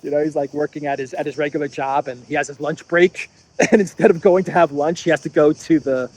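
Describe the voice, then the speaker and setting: A man's voice: on the high side, fairly even intonation, brisk, a little mellow, a little hiss or hum. A man hosting casual political commentary, sarcastic, laughing at his own jokes and often repeating and restarting phrases. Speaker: host.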